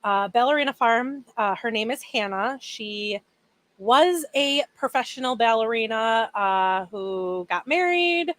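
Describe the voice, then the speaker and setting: A young woman co-hosting a casual podcast, telling a story in an animated way with many fillers. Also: fairly high pitch, unhurried. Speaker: podcast co-host. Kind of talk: casual chat.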